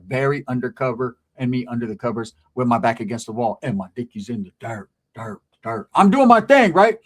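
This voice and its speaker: Storyteller, male, slightly high voice, foul-mouthed and lively, does all the voices himself. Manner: animated, acts out every quoted voice; profane, slangy street talk with Spanish words. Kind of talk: casual storytelling.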